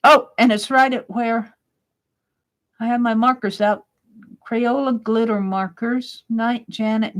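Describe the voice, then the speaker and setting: A woman's voice: fairly high pitch, fairly even intonation, slow. A woman hosting a casual live stream, chatting and reading viewers' comments aloud, laughing often.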